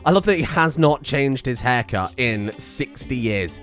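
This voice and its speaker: A man's voice: medium pitch, animated, a little slow, fairly bright tone, faint music behind. A man hosting a let's play, rambling and self-mocking with plenty of swearing. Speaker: gaming channel host.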